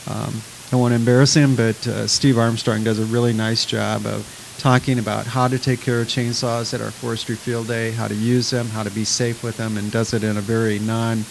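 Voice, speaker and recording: A man's voice: mid-range voice, level tone, fairly quick, creaky, slight background noise, poor audio. A man hosting a gardening show, chatting with a guest in a folksy, rambling way. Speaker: show host. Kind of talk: casual on-air chat.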